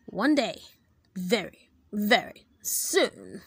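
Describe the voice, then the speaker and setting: A woman voicing a mean old male school principal in a storybook, with a low hushed menacing delivery. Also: wildly swooping pitch, very slow, creaky, breathy edge, dry recording, heavily acted. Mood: scheming.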